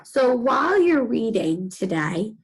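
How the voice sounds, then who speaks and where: A woman's voice: a little high, sing-song, slow, vocal fry, husky, low-quality recording. A middle-aged woman teacher giving a reading lesson to young children, telling the story expressively.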